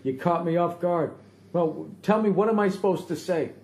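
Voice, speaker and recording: A man's voice: high voice, normal speed, a little mellow. A man in casual banter with a co-host, teasing and profane, stammering when flustered. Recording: roomy echo, faint ambient noise.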